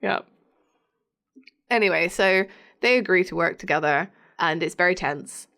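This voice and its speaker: A woman's voice: on the low side, a little slow, creaky, sharp tone. A young woman co-hosting a podcast, chatting casually, laughing often and quoting characters in put-on voices. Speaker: podcast co-host. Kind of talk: casual chat.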